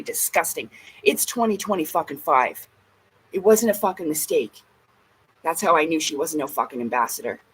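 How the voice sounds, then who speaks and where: Husky-voiced woman ranting bluntly. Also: on the low side, fairly bright tone, rough recording. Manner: blunt, heavy swearing, emphatic. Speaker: vlogger. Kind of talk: casual ranting vlog.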